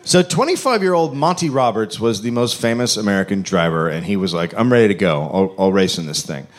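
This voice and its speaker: A man hosting a live comedy podcast, reading a history story from notes with many pauses and fillers. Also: fairly low pitch, expressive. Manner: reads notes with frequent uh and um. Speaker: podcast host. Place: live stage show.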